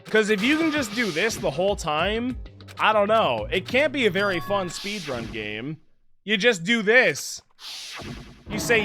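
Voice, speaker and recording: A man's voice: high voice, big pitch swings, unhurried, music in the background. A young man live-streaming a video game and talking to his chat, frantically exasperated one moment and deflated the next. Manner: frantic, swings from exasperated shouting to deflated mumbling.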